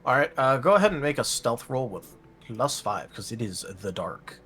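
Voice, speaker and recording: A man narrating as game master in a tabletop game, in a relaxed, unhurried way. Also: medium pitch.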